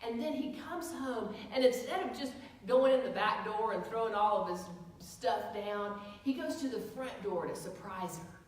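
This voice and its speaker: A woman's voice: medium pitch, moderate pace, few pauses. Woman pastor preaching in an echoey church. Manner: storytelling, asks the congregation questions. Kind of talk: sermon. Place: church sanctuary. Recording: echoey church hall from far off.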